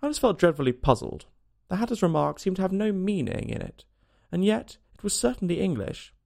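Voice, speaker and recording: A man narrating a storybook in an expressive way. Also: high voice, fairly quick, vocal fry. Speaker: reader.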